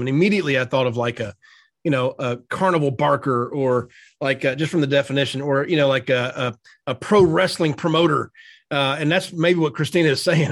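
A man hosting a group discussion and calling on speakers, in a relaxed, affirming way. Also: mid-range voice, no room sound, studio quality. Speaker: host leading the discussion.

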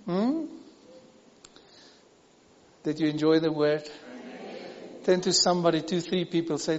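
A South African man preaches with a high, ringing voice, pressing his points over and over and sometimes sinking to a near whisper. The sound is muffled and dull, with a long echo from a large church hall. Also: measured pace, long pauses, a little hiss or hum. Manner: emphatic, repetitive preaching with sudden drops to a hush. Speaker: pastor. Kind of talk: sermon.

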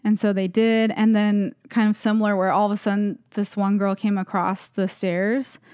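Casually swapping creepy stories on a podcast, a young woman co-host rambles with frequent "like" fillers. Her mid-range voice is flat, a little mellow and clean, at a moderate pace, recorded in studio quality with no echo.

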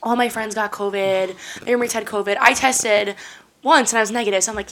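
A woman's voice: on the high side, quick pace. A young woman hosting a podcast, telling stories in casual chat with lots of fillers and swearing. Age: young adult. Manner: rambling, many fillers and profanity, lively storytelling. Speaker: podcast host.

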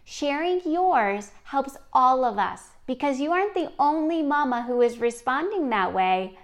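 A woman hosting a podcast, speaking earnestly and encouragingly straight to the listener in a scripted monologue. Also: on the high side. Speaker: podcast host.

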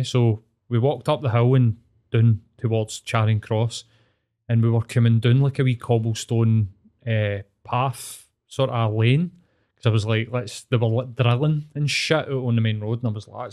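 A man's voice: medium pitch, mellow. Sweary rambling Glasgow man. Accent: Scottish, Glasgow. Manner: sweary, rambling, with many fillers. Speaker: therapist. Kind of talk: casual storytelling.

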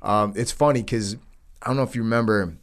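A man in his late thirties with a lowish voice chats loosely on a podcast. He grew up near New York and peppers his stories with dude and man. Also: a little fast. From New York, United States. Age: 30s. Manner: easygoing, says dude and man often. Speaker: podcast host. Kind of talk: casual chat.

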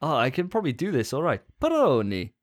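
Lively-pitched man bantering jokily. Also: racing. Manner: self-mocking, jokey storytelling. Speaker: podcast co-host. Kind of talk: casual chat.

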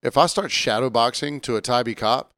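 A man's voice: medium pitch, brisk, a bit bright, no echo. Joking man, dry close sound. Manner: joking, chimes in with quips and mock insults. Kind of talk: casual chat.

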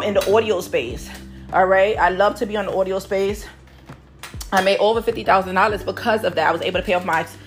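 A woman from Harlem talks fast in a loose, rambling podcast monologue as a manifestation coach, often tagging her points with "right?". She sounds slightly out of breath from cleaning the house. Faint music plays behind her. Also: mid-range voice, fairly bright tone. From Harlem, New York. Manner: rambling, keeps asking "right?". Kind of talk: casual motivational monologue.

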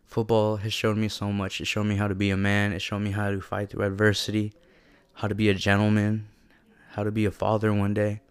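A young adult man talks a little fast in a low, clean voice with a completely flat delivery. It's a reflective monologue about himself, casual and slangy, loaded with "like," yet earnest and full of feeling.

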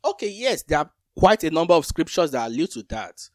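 Lively man teaching Bible verses. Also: a little high, a little fast, no room sound, studio quality. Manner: explains verses with everyday comparisons, animated. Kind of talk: teaching Bible study talk.

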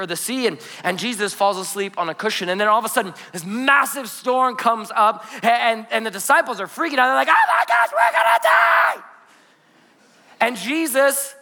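High, bright-voiced joking pastor. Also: male voice, a little fast. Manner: lively, joking, storytelling with playful asides. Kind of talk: energetic conversational sermon. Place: church auditorium. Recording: long hall reverb in a church.

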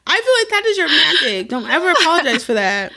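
Young adult woman, higher-pitched, outspoken podcast co-host; candid, animated, profane. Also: quick pace. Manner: candid and animated, swears freely, lively quoting. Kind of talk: casual chat.

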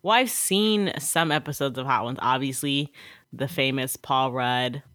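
A woman's voice: rumbling low, a little slow, fairly bright tone, dry recording, studio quality. A woman co-hosting a podcast in casual chat, talking loosely with lots of "like" and frequent laughs. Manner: laughs often, chatty with lots of "like". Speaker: podcast co-host.

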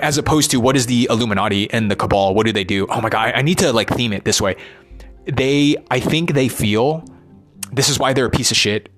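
A man rambles on in a loose monologue at a middle pitch. He keeps breaking off his sentences and starting over, tagging them with "right?" as he goes. Faint music plays underneath him. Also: a bit bright. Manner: rambling, restarts, frequent "right?". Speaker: musician and performer.

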